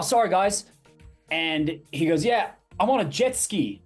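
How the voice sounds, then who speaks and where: A man's voice: medium pitch, darkish tone. A man, a podcast guest, telling a story in casual conversation and acting out the dialogue he quotes. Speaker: podcast guest, crypto project founder.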